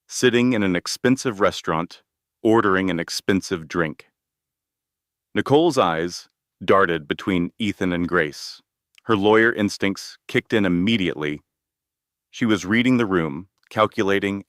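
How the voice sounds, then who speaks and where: A man narrating a scripted dramatic story in a measured storytelling manner. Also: low-pitched, a bit bright, no room sound, studio quality.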